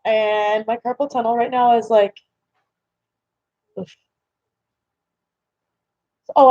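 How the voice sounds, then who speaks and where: Young woman, stream host, rambling casual chat at home, a bit high-pitched, slightly dull lo-fi mic audio. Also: darkish tone, a little hiss or hum. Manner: chatty, rambling, lots of fillers. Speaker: livestream host.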